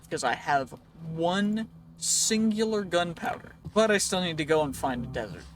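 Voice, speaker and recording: A man's voice: a little high, expressive, moderate pace, over music. A man giving casual, rambling gameplay commentary, joking and talking to game characters, his voice wearing out. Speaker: gaming video creator.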